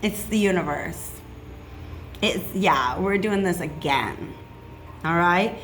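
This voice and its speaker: A woman's voice: lowish voice, expressive, slow pace, fairly bright tone, soft background music. A woman giving a casual tarot reading, chatty and reassuring, checking in with "okay?" often. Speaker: tarot reader.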